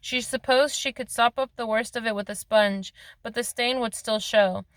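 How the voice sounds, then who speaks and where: A woman's voice: fairly high pitch, steady tone, normal speed, no room sound. A woman reading a novel aloud in a plain voice, with occasional slips and restarts. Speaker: reader of a novel.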